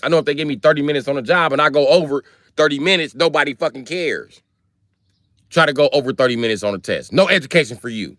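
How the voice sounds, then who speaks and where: An American man with an American accent, ranting on a live stream in a loud, profane, animated way. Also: fairly high pitch, quick pace, dry recording, clean studio sound. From United States.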